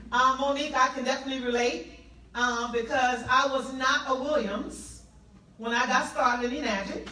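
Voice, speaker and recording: Southern woman with a high voice telling her story to a crowd, roomy echo, a bit far from the mic. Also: normal speed, slight background noise. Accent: South Carolina Southern. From South Carolina. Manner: animated, laughing, call-and-response with the crowd. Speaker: motivational speaker. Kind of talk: testimony speech to an audience.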